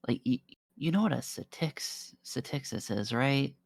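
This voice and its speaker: A player talking in character in a tabletop game, brash and a little stammering. The voice is gravelly, recorded dry and close. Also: medium pitch, a little slow, dry recording.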